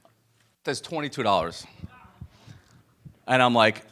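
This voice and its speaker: A man speaks to a live audience in a loose, conversational storytelling style. His pitch sits in the middle range, and he stumbles and restarts as he acts out the dialogue. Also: normal speed. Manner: animated and conversational, full of fillers and restarts, acts out quoted dialogue. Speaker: business coach speaking to an event audience. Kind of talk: live motivational storytelling talk. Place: event room with a live audience.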